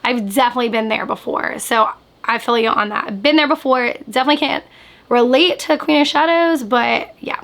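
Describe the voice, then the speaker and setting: A woman book vlogger in casual reaction chat, animated and chatty, sprinkling "like" through her talk. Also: on the high side, a little fast, vocal fry. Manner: chatty, animated, frequent "like" fillers.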